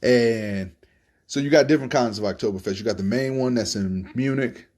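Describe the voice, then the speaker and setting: A young man from Florida telling a story in a relaxed, casual monologue, cursing freely and often repeating his words. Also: mid-range voice, normal speed. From Tampa, Florida. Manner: laid-back, profane, repeats himself. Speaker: podcast host telling stories.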